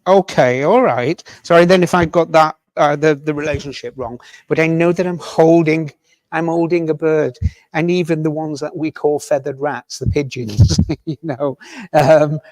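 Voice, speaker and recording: A man with a fairly high voice gives a mediumship demonstration to an audience in a village hall. He speaks gently and tentatively, pausing to check with the listener. The sound is close and dry, with no room echo.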